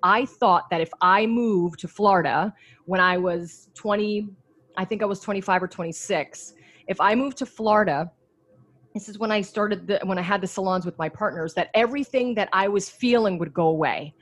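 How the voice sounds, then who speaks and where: A woman's voice: mid-range voice, normal speed, a bit bright. A woman in a casual chat, earnestly sharing advice from her own experience and swearing now and then.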